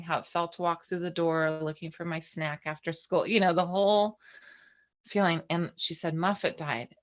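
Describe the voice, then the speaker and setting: Middle-aged woman, lower register, co-host telling a frank personal story in relaxed chat. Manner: candid, personal storytelling with many restarts. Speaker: podcast co-host. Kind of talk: casual chat.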